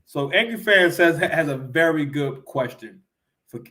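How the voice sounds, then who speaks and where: A man's voice: on the high side, lively intonation, unhurried, bright, forceful tone. A man vlogging a casual reaction to a clip, joking and rambling with lots of stammered restarts.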